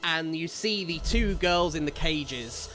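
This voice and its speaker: A man narrating as game master for a tabletop game, relaxed and full of filler sounds as he describes the scene. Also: fairly high pitch, slow pace.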